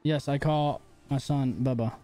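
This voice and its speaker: A man's voice: mid-range voice, steady tone, measured pace, mellow. A young man livestreaming a game, chatting playfully with his audience and his baby son, with faint music behind him. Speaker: livestreamer and father. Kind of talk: casual gaming livestream chat.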